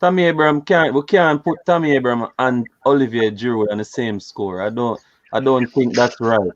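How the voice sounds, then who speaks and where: A man's voice: mid-range voice, moderate pace, no room sound, muffled recording. A man on a casual panel who argues his point insistently and keeps calling people bro. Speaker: podcast panelist. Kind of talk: heated casual debate.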